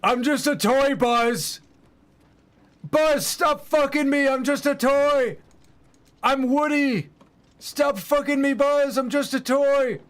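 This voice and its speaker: A man voicing a whiny cowboy toy in a strained, squeaky voice. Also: slow.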